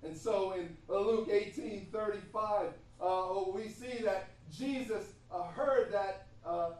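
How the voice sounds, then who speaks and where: A man's voice: high-pitched, takes it slowly, darkish tone. A man preaching a sermon, with emphatic repetition and frequent hesitations. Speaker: pastor. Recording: echoey room from far off.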